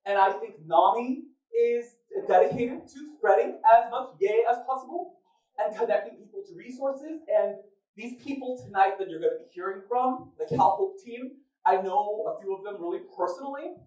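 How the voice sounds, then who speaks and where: Animated high-voiced man hosting a live event. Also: normal speed. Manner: animated, jokey, laughs at his own jokes. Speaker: event moderator and host. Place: event venue before a live audience. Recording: echoey room recorded from a distance.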